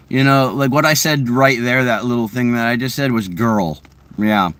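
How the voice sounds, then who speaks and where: A man's voice: mid-range voice, steady tone, moderate pace, fairly bright tone, clean tone, no echo. A young man with a Boston-area New England accent chats loosely with viewers from his car, rambling with lots of fillers and restarts. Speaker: streamer chatting with viewers. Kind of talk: casual live chat.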